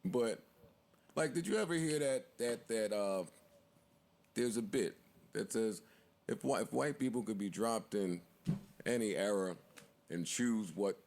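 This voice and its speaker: A man's voice: on the low side, lively intonation, measured pace, pauses often, darkish tone. Loose, joking man on a panel. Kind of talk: panel debate.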